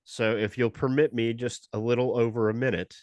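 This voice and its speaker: A man, a comedian guest on a podcast, telling a rambling, animated story with comic timing in a casual chat. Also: mid-range voice, brisk, no room sound.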